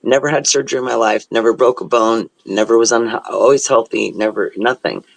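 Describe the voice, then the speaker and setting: A man's voice: mid-range voice, steady tone, fairly quick, gravelly, poor audio. A middle-aged host in casual chat, talking in a sympathetic, rambling way about his own experience.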